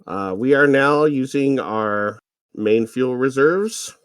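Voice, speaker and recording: A man's voice: mid-range voice, slow, smooth, dry recording. A man hesitantly talking through flying a craft in a space game. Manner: hesitant, focused on the controls. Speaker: game player piloting. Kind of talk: casual gaming chat.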